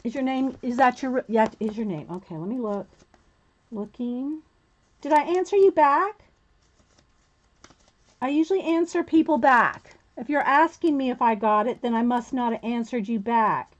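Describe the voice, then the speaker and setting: A woman's voice: a little high, normal speed, dull audio. Chatty woman greeting livestream viewers. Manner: chatty, talks to herself while cutting, greets viewers by name. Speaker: livestream host making art cards. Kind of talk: casual livestream chat while crafting. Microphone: camera mic set low on the desk.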